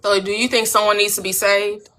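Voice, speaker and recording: A woman hosting a live-stream panel, talking bluntly and briskly in a streetwise way. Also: mid-range voice, little pitch movement, pushed and bright. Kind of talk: casual live-stream talk.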